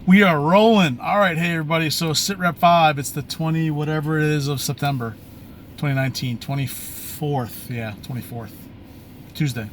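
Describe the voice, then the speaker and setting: A man's voice: a little high, brisk, slight background noise. A man talking candidly in a casual video diary, rambling with many fillers and restarts, recorded outdoors on a camera or phone mic. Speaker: vlogger. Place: outdoors in bright sun, maybe by a vehicle.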